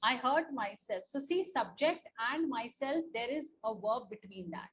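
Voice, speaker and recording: A woman with an Indian English accent teaches an online class, her fairly high voice animated, unhurried and a bit bright, though the audio is poor. She's patient and repeats her points, checking in often with "okay?" and "na?".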